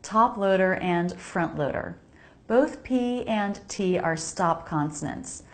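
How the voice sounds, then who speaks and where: Slow, careful American woman teaching pronunciation. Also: fairly low pitch, lively intonation. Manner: slow, careful, models sounds and repeats words for the viewer. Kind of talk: English pronunciation lesson. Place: home laundry area.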